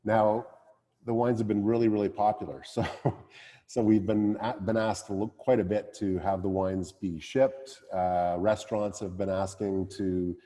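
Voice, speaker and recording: A man's voice: lowish voice, flat delivery, normal speed, dark tone, big-room sound. A man, a winemaker, speaking casually at a wine tasting, with many fillers and restarts. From Canada.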